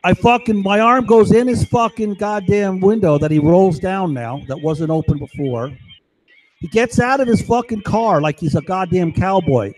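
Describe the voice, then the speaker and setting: High-voiced man in a profane rant. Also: darkish tone, low-quality recording. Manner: profane, agitated; rambling, grievance-filled. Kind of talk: angry personal rant.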